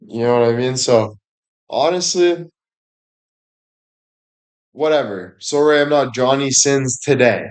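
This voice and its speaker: A man's voice: medium pitch, slow pace, long pauses. A man giving a crude, rambling comedic monologue on a livestream, swearing constantly and laughing at his own jokes. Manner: profane, rambling, laughs often, fillers like "you know".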